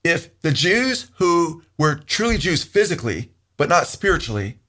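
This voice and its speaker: A man's voice: a little high, sing-song, normal speed, bright, forceful tone. A man teaching the Bible in a conversational way, earnest and emphatic, quoting scripture at length with some restarts.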